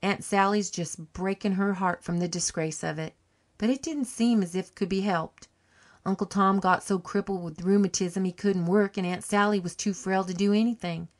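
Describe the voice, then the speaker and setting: A woman reading an audiobook, voicing a cheery, warm-hearted country farm wife with a folksy rustic dialect. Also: medium pitch, steady tone, moderate pace, close to an everyday voice. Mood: sorrowful.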